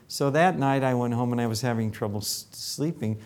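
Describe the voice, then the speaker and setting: An older man, a dentist, swaps casual stories about his patients, acting out the things they said with plenty of animation. His voice sits in the mid-range and moves at a moderate pace.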